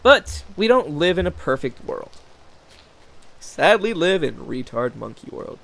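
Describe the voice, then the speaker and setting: A man's voice: a little high, very animated, unhurried, creaky, fairly bright tone. A man hosting his own channel, rambling through a sarcastic, profanity-heavy rant and mocking other people's voices. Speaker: channel host. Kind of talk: rambling ranting monologue.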